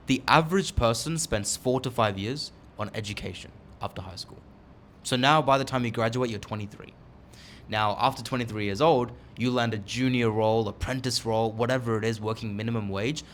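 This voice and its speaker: A man's voice: medium pitch, a bit bright, slight background noise. A man in his twenties, seated and talking straight to the camera in a casual, emphatic, candid way about making money young. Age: 20s. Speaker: online entrepreneur vlogger. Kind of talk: motivational talk to camera. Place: seated indoors, filming himself.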